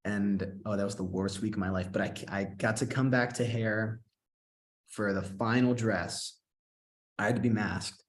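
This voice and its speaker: A young man chatting as an interview guest, retelling events with quick bursts of excitement in a fairly low voice. He acts out his own past reactions as he talks. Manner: animated, quoting himself in excited bursts. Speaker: guest actor and singer. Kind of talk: casual interview storytelling.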